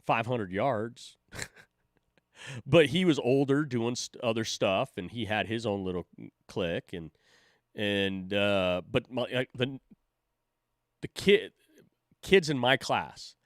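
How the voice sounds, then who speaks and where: A man's voice: medium pitch, slow pace, pauses often, no room sound, clean studio sound. A man hosting a stream, talking in a casual, rambling and profane way, often mocking himself and laughing. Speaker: streamer host. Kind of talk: casual chat.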